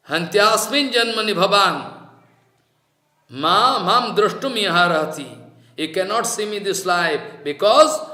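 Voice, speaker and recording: A man giving a slow, reflective sermon, chanting Sanskrit verses and explaining them. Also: sits high, bright, forceful tone. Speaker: spiritual teacher. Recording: roomy echo.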